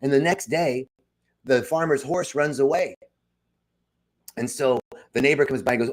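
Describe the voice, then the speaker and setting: Man giving a lively inspirational talk. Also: medium pitch, normal speed, pauses often. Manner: lively storytelling, addresses viewers directly. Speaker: spiritual speaker at a wellness center. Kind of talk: inspirational talk on a live stream.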